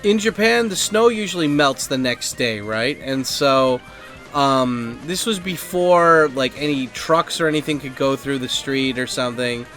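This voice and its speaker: A man's voice: medium pitch, measured pace, a bit bright, soft background music. A man telling a story on a podcast in a casual, rambling way, swearing and using many fillers. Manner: rambling, profane, heavy on fillers and acted quotes. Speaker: podcast host.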